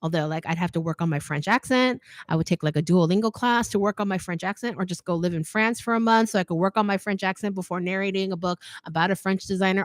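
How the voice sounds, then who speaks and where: A middle-aged woman hosts a relaxed live Q&A and reads viewer comments aloud. She talks loosely and laughs easily, with plenty of "like" between her thoughts. Her voice sits at an ordinary pitch, and the recording is dry and close. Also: fast, few pauses, no echo. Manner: chatty, laughs often, says "like" a lot. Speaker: fashion YouTuber hosting a live Q&A. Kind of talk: casual livestream chat reading comments.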